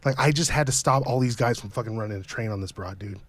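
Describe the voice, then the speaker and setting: A young man spins a story on a podcast in a loose, profane, conversational way. His voice sits in a medium pitch, and he jumps up loud and high whenever he acts out what someone said. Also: quick pace, dry recording. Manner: profane, animated, acts out quotes in raised voice. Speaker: podcast guest. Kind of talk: casual storytelling.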